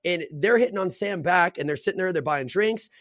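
A man's voice: sits high, a little fast, no room sound, clean studio sound. A young man hosting a casual podcast chat, telling rambling stories full of swearing and "bro". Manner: swears a lot, says "bro" and "dude"; rambling animated storyteller.

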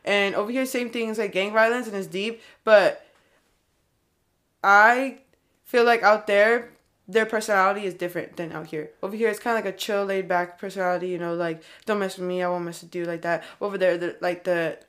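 A woman's voice: mid-range voice, fairly quick. Young Californian woman, rambling casual chat. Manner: rambling, heavy use of "like", animated storytelling.

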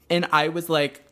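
A young man telling his side in an animated, swearing rant, his voice sitting fairly high for a man. He mocks his partner by acting out her words in casual podcast chat. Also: a little hiss or hum. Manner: animated, swearing, mocking quotes. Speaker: podcast co-host.

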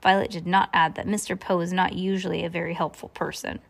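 A woman's voice: on the low side, flat delivery, fast, gravelly. Woman casually reading a novel aloud. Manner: casual, with asides and slips. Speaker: reader.

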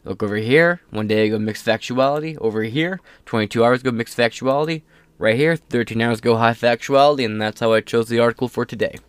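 Reading news fast on his solo show, a political commentary host is casual, rambling and sarcastic, stumbling over words and swearing offhand. His medium-pitched voice is clear and resonant in a dry recording.

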